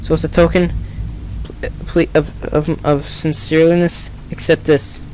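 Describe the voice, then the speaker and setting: A man voicing a grieving, unstable widower in a fan game dub, slow and heavy. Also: on the high side, flat delivery, a little mellow, a little hiss or hum, natural voice, rough recording. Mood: grim.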